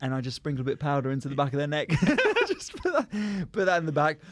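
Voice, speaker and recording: A man hosting a podcast, trading jokes and silly riffs in loose, laughing chat. His voice sits a little high, and the sound is close and dry. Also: expressive, quick pace, no echo. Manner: joking, riffs on absurd bits, laughs often. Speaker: podcast host. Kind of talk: casual comedic chat.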